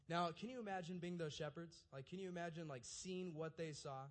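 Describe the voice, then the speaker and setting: Young man, youth pastor, slightly high voice, casual sermon, conversational, chatty asides to listeners. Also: fairly quick, few pauses. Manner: conversational, keeps asking "right?" to the audience. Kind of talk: casual sermon with scripture reading.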